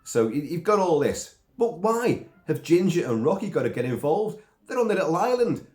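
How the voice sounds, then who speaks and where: A man's voice: a little high, big pitch swings, moderate pace, darkish tone, roomy sound. A man, sick and coughing, giving a rambling casual film review with asides and mild swearing.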